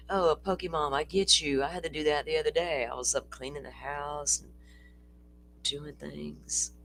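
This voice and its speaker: A tired, chatty livestream host drifts from thought to thought, laughing often and cursing casually. The voice sits at an everyday middle pitch. A faint hum lies under the recording. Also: fairly even intonation, normal speed, gravelly, bright, forceful tone. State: tired, yawning. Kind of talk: casual true-crime livestream chat.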